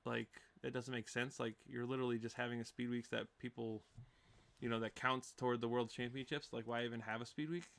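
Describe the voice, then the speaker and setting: A young man in casual podcast chat, giving rambling, halting explanations full of fillers. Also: mid-range voice, level tone, gravelly, fairly bright tone. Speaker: racing podcast participant.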